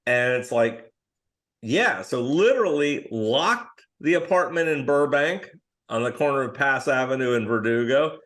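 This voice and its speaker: Man, middle-aged, podcast guest, screenwriter, casual storytelling, animated, mid-pitched voice. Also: a little slow. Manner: animated anecdotes, acting out other people's lines.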